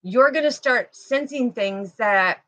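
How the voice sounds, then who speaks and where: Slow, chatty spiritual woman reader. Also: fairly high pitch, fairly bright tone, low-quality recording. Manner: slow, meandering, chatty, talks to viewers and a fly. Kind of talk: live oracle card reading.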